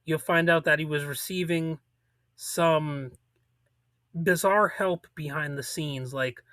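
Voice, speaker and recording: A man with a bright, forceful voice, pitched a touch above most men, talks through political commentary on his own show. He rambles, restarts and drops sarcastic asides. The sound is dry and close, with no room around it. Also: fairly even intonation, takes it slowly, no echo.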